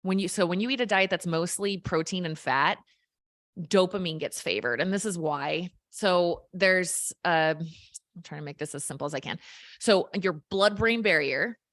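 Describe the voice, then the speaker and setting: A woman health coach explaining things simply in an energetic, casual chat, as a guest. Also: lowish voice, moderate pace, no echo, clean studio sound.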